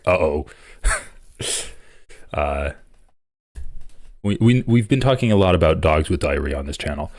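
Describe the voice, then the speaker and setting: A man hosting a live political stream, reading an article aloud and breaking off into profane, animated reactions. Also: deep voice, brisk, pauses often, no room sound, clean studio sound.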